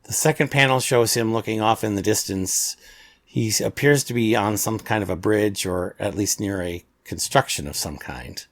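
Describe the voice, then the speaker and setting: A man's voice: on the low side, moderate pace. A man co-hosting a podcast, describing comic book panels in a casual, chuckling way. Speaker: podcast co-host.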